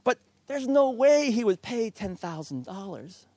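Unhurried high-voiced middle-aged preacher. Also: male voice, sing-song, warm tone, dry recording. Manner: self-deprecating, earnest exhortation. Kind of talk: storytelling sermon.

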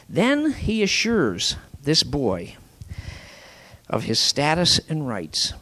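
A man with a fairly high voice preaches a sermon slowly but with great animation and drama, his pitch swooping wildly from phrase to phrase. He swings between forceful emphasis and near-whispered, hushed lines, and keeps putting rhetorical questions to the congregation.

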